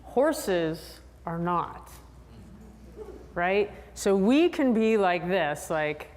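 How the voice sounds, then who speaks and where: Animated woman presenter in a big hall. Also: very slow, a little hiss or hum. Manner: animated, chatty, acts out riders in high voices. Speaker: sports psychologist presenter. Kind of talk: lively convention talk with audience. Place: large convention hall. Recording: long hall reverb.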